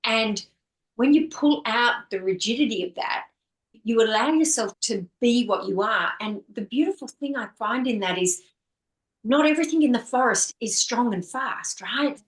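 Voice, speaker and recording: A woman's voice: on the high side, lively intonation, moderate pace, roomy sound, rough recording. A woman author speaking as an interview guest, earnest and flowing, often stringing words into lists. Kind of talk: reflective conversational interview.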